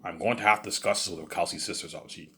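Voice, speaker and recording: A man's voice: low voice, fairly even intonation, racing, sharp tone, a little hiss or hum. A man telling an improvised story in a rambling, boastful way, full of stumbling restarts and repeated filler phrases. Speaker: storyteller, vlogger.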